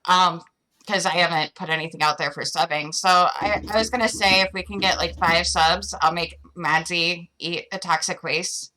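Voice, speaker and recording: A woman's voice: on the low side, steady tone, normal speed, sharp tone, low-quality recording. A woman hosting a casual livestream chat, chatty and playful with frequent giggles. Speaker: host.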